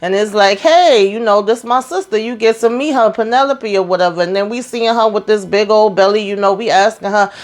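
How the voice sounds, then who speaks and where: A woman's voice: medium pitch, steady tone, brisk, few pauses. A woman hosting a casual TV episode recap, chatty and slangy, acting out the characters' lines as she goes. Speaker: TV recap host.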